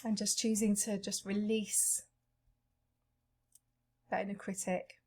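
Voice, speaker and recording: A woman with a mid-range voice and little pitch movement guides an EFT tapping session. She slowly and gently calls out every tapping point.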